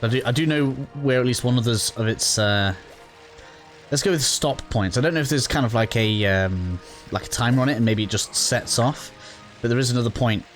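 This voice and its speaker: A man's voice: medium pitch, brisk, faint music behind. A man giving a casual, rambling walkthrough of a video game, with lots of fillers and restarts, a little out of breath. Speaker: gaming YouTuber. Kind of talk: casual gameplay walkthrough commentary.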